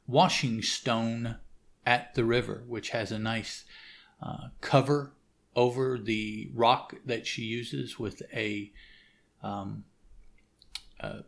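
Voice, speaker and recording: A man casually reading a comic aloud, describing the panels in an unhurried, hesitant way with many fillers and asides. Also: medium pitch, vocal fry. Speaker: comic reader and podcast host. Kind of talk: casual comic read-along narration.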